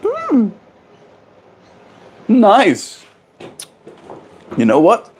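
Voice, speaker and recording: Here a man streams live from his home, joking around and reading his chat aloud as he answers viewers. He speaks a little slowly in an expressive, medium-pitched voice with a darkish tone, and there's slight background noise.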